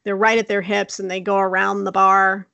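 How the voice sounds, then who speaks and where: Young woman w a gravelly voice, chatty storytelling, dry close mic, laughs a lot. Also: medium pitch, moderate pace, no room sound, lo-fi sound. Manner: animated, laughing often, acts out quotes. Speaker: podcast co-host. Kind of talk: casual storytelling chat.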